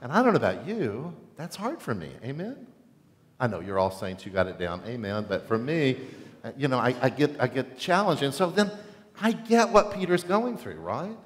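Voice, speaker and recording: Animated male pastor, church reverb. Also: mid-range voice, normal speed. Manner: animated, asks the congregation questions, acts out quotes. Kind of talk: sermon. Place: church sanctuary.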